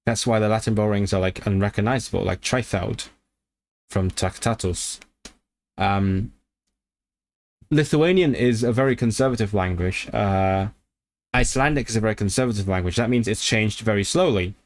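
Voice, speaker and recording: Guy rambling on his language stream, lowish voice, gets excited fast, lots of ums. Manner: chatty and excitable, quick bursts of enthusiasm; thinks aloud with many fillers and restarts. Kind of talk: casual livestream chat.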